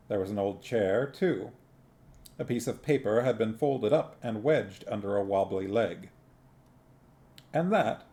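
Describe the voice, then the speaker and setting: A man reading a novel aloud for a live stream audience, unhurried and plainly spoken. His voice has a gravelly, creaky grain, and he takes it slowly. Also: lowish voice, warm tone. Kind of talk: book reading with casual commentary.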